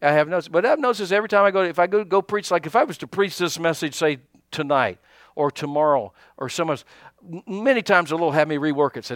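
A man pastor preaching a sermon, animated, calling out to his congregation and acting out little asides. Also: a little high, fast, no room sound, studio quality.

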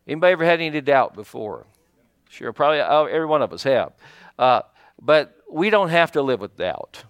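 Animated pastor with a lively voice. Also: male voice, fairly high pitch, brisk, clear, resonant tone, no room sound. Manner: folksy, animated preaching with many fillers and restarts. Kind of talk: sermon.

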